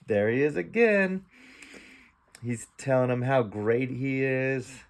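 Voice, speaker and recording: A man's voice: medium pitch, slow. A man teaching reading. He sounds out letters one at a time and then blends them into words. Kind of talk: slow phonics read-aloud lesson.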